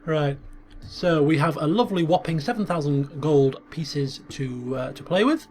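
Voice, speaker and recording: Male game host, chatty, thinks aloud, slight higher pitch, faint music bed. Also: slow, long pauses, darkish tone. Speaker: gaming channel host. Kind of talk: strategy game commentary with role-play asides.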